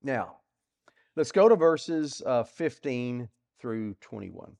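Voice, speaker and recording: A man teaching through a Bible passage in a sermon, asking rhetorical questions and swinging between loud and soft. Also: mid-range voice, animated, takes it slowly, gravelly. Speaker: preacher.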